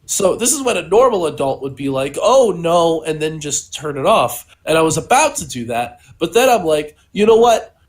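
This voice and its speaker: Young dude w a high voice rambling thru some goofy podcast story, lots of like and you know. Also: male voice, sing-song, brisk, few pauses. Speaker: podcast co-host and stand-up comedian. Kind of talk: casual podcast chat.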